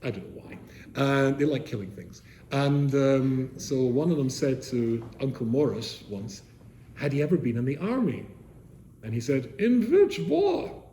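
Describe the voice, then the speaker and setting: An older man from England, a rabbi telling stories to seminary students, animated, with rhetorical questions, swinging from loud to soft. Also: mid-range voice, normal speed. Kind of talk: storytelling talk to students. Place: seminary room, indoors. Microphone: camera he set up himself. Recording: echoey room with faint noise.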